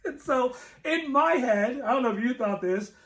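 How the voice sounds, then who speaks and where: A man's voice: extremely high pitch, animated, moderate pace, fairly bright tone. A man co-hosting a casual movie review, animatedly retelling scenes and laughing often. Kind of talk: casual chat.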